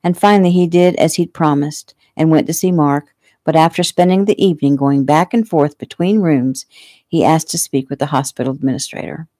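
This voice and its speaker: A woman casually reading her own novel aloud at home, relaxed and unhurried. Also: low-pitched, no echo. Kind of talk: casual audiobook narration.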